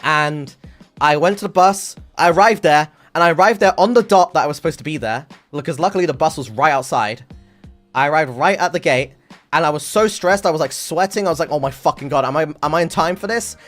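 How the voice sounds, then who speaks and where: A man streaming, telling a story in casual chat, animated and swearing often, acting out the people in it. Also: a little high, fairly quick, soft background music. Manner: animated, swears a lot, acts out voices in the story.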